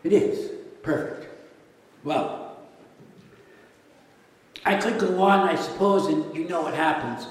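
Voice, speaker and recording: Higher-voiced pastor in an echoey hall. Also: male voice, takes it slowly, long pauses. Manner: conversational, asks rhetorical questions. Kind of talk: sermon. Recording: echoey hall, mic at a distance.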